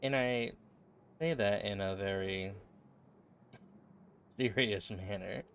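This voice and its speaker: Low-voiced man muttering over gameplay noise. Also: slow, vocal fry, fairly bright tone. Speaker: streamer playing a card game. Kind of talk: casual gameplay commentary. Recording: audible background noise.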